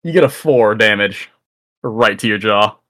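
A man narrating as game master in a tabletop game, halting with many fillers. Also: on the low side, fairly bright tone, no echo.

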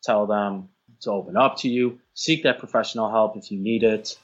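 A man talks earnestly as a podcast guest. He often restarts and repeats words as he thinks. His voice is low and husky, and the recording sounds dull and lo-fi. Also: normal speed, faint music behind. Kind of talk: casual podcast chat.

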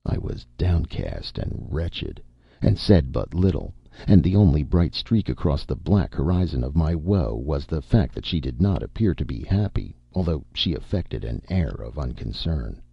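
Deep gravelly male storyteller. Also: moderate pace, no room sound, highs cut off. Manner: expressive, melodramatic first-person reading. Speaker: audiobook narrator. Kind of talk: storybook narration.

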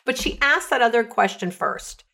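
A woman coach hosting an advice podcast, retelling client stories in a chatty, animated way. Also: fairly high pitch, moderate pace, creaky. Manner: lots of "like" and "you know" fillers.

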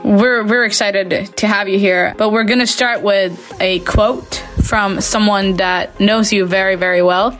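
A woman's voice: mid-range voice, fairly even intonation, a little slow, few pauses, fairly bright tone, soft background music. Upbeat woman podcast host. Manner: upbeat and friendly, reads player bio. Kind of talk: podcast interview, partly read intro.

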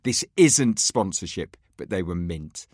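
Bloke, mid voice, lots of ups and downs, acting out quotes, dry mic. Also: male voice, deep voice, measured pace, no echo. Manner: animated anecdotes, acting out quotes, swearing. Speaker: podcast co-host. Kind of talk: casual chat.

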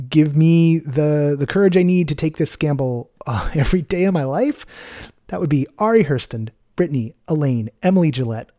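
A man hosting a podcast, talking casually and plugging his show in quick, energetic bursts. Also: medium pitch. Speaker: podcast host. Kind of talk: casual podcast talk and sponsor plugs.

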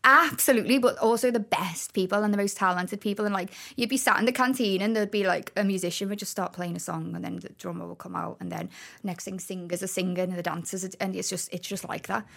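A woman in her thirties with a Liverpool accent, a talk show guest telling stories in a lively way, laughing often and acting out what people said. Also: mid-range voice, fast, vocal fry. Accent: Liverpool (Scouse). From Liverpool, England. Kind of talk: casual storytelling chat.

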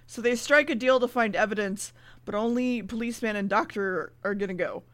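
Animated, higher-voiced woman recapping a show. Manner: swearing, animated retelling with quick character voices. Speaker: podcast co-host recapping an episode. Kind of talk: casual chat.

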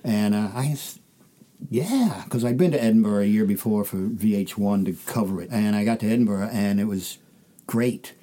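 Dark-voiced American comedian telling stories. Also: male voice, lowish voice, normal speed. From United States. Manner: dry storytelling, acts out quoted voices. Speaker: guest comedian. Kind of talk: casual interview chat.

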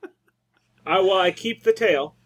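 A man's voice: high-pitched, unhurried, a little hiss or hum. A man playing a tabletop role-playing game, chatting casually and laughing often. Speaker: player.

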